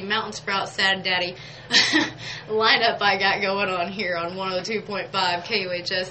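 A woman's voice: mid-range voice, bright, forceful tone, slight background noise, rough recording. A woman, hosting a local radio show in casual, chatty talk, laughing often and saying "y'all.". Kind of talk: casual on-air chat. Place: radio studio.

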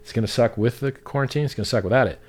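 A man's voice: medium pitch, rapid-fire. A man ranting angrily on a livestream, profane and sarcastic, mocking other people's views in a raised mimicking voice.

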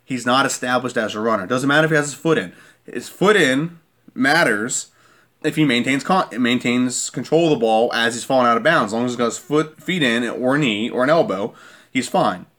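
A man's voice: medium pitch, a little fast, a bit bright. A man giving a heated sports-fan rant, repeating his points and asking "okay?" again and again. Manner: irate, repeats himself, keeps asking "okay?".

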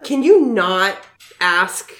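A woman's voice: mid-range voice, big pitch swings, drawn-out words, fairly bright tone. A woman co-hosting a podcast in casual chat, blunt and opinionated, swearing freely. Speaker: podcast co-host. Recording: echoey room.

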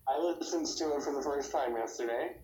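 A man's voice: a little high, brisk, a little mellow, poor audio. A man co-hosting a podcast, making dry, teasing remarks in casual chat. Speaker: podcast co-host.

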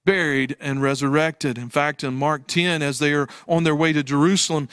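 A man's voice: a little high, steady tone, moderate pace, fairly bright tone, clear, resonant tone, dry recording, clean studio sound. A man preaching a sermon as pastor, telling a personal story earnestly with frequent restarts and fillers.

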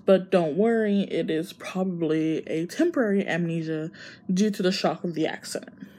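A woman voicing a calm male doctor who speaks softly and reassuringly. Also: on the low side, moderate pace, a little hiss or hum, close to an everyday voice.

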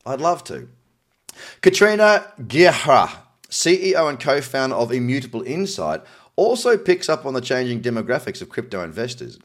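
A man's voice: mid-range voice, big pitch swings, normal speed, fairly bright tone. An Australian man hosting a crypto news show, reading articles aloud with cynical, chatty asides. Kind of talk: casual news commentary.

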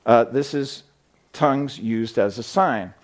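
A man's voice: medium pitch, slow. A man preaching a sermon in a conversational, storytelling way, with frequent fillers. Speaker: pastor. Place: church sanctuary.

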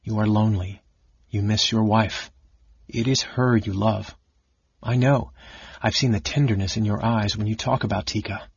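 A man voicing a composed, devout young woman cleric who speaks softly and measuredly in an audiobook reading. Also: on the low side, steady tone, normal speed, vocal fry, slightly rough, no room sound. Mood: gentle. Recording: dull lo-fi audiobook recording.

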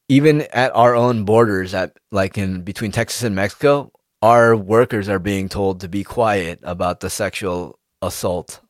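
A man's voice: low-pitched, no room sound, studio quality. A man ranting in a casual monologue, swearing freely and firing off rhetorical questions. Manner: animated, profane, rhetorical questions.

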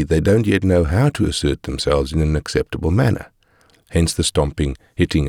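A man with an extremely deep voice reads a parenting guide aloud in measured, instructive short phrases. The recording is dry and close, with no room sound. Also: creaky, a little mellow, no room sound. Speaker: audiobook narrator. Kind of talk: scripted narration of a parenting guide.

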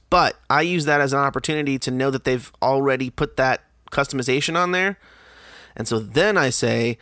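A man's voice: medium pitch, expressive, moderate pace, sharp tone, no echo, clean studio sound. A young man with a casual, profane and exasperated manner, telling a story in a podcast monologue. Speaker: podcast host.

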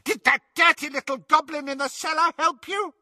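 A screeching, unhinged witch woman, as a male reader puts her on, her voice pushed far up into a shrill, strained pitch. She spits each line with cruel menace, and the close, dry recording leaves no room sound around her. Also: normal speed, pushed and bright, dry recording, exaggerated voice. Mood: menacing.

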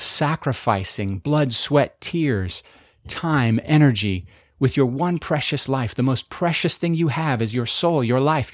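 Gravelly, impassioned male preacher. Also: mid-range voice, no echo, studio quality. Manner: impassioned, emphatic repetition. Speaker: pastor. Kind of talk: sermon.

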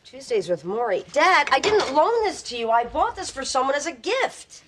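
A woman's voice: sits high, big pitch swings, moderate pace. A woman playing a wife who talks in a dry, sarcastic way. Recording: noisy TV sitcom audio.

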